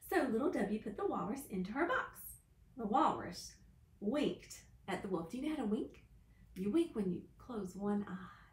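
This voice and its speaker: A woman teacher reads a picture book aloud to small children in a high, sing-song voice that swoops up and down. She takes it slowly and leans into each story voice, and the room gives the sound a light echo. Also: sing-song, a little mellow. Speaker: teacher reading to young children. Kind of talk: children's lesson and read-aloud.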